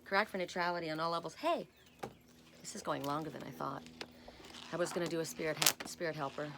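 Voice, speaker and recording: A woman's voice: low-pitched, fast talker, creaky, very noisy. A woman giving a casual spiritual oracle card reading, chatty and rambling with personal asides, often tagging her points with "right?".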